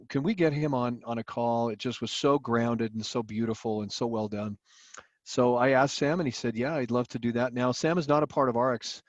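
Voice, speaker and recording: A man's voice: mid-range voice, no room sound. A middle-aged man introducing a guest on a video call, rambling with fillers and restarts. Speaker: host of a business call. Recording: dry, dull lo-fi call audio.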